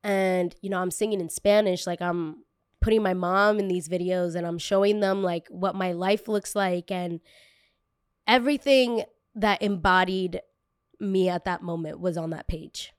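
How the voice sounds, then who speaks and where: A woman's voice: on the low side, steady tone, measured pace, smooth, no room sound, studio quality. A young woman content creator candidly telling a personal story, emotional and full of casual fillers.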